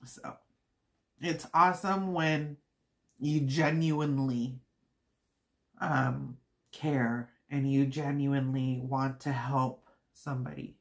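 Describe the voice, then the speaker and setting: A woman's voice: extremely low pitch, steady tone, slow, vocal fry, long pauses. A woman hosting a live stream, chatting casually and venting in a rambling way with many fillers. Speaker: channel host.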